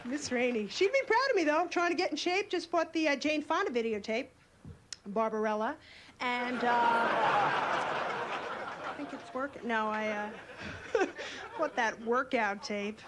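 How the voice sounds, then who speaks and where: High-voiced young woman doing stand-up. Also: lively intonation. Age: young adult. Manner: wry, quick punchlines. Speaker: stand-up comedian. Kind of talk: stand-up comedy routine. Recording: club stage mic over a laughing crowd.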